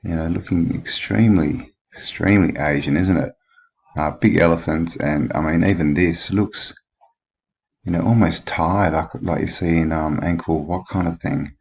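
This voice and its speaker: A man's voice: sits low, fairly even intonation, normal speed, gravelly, darkish tone, dull audio. A man hosting a casual history commentary, chatty and questioning, with frequent filler words. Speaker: channel host.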